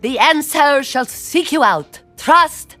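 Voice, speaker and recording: A phony cartoon psychic, drawling vague prophecies in a fake French accent, slow and lilting with a high, sweeping pitch. The sound is dry, with faint music underneath. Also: female voice, lively intonation, pushed and bright, no echo, full character voice. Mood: mystical. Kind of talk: cartoon voice acting.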